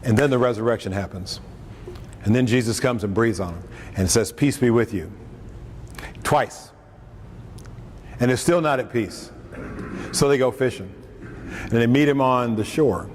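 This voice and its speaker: In a mid-range voice at a moderate pace, a man preaches on scripture, leaving long pauses. It's a lunchtime talk given conversationally, with humorous asides and quotes he acts out. Recorded from afar in an echoey hall, faint room noise is audible.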